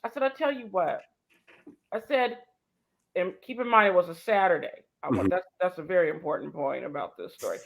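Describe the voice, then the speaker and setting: A woman's voice: fairly low pitch, lively intonation, a little fast, vocal fry. A woman in her fifties, co-hosting a show, tells a personal story with emphasis, repeating key points and acting out the dialogue. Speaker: co-host sharing a personal story. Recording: dull lo-fi sound.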